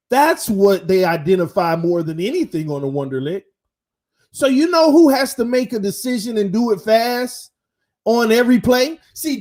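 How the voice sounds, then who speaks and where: A man hosting his own sports channel, chatting casually and slangily to viewers on a live stream. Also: extremely high pitch. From Florida. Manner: animated, talks straight to viewers, slangy.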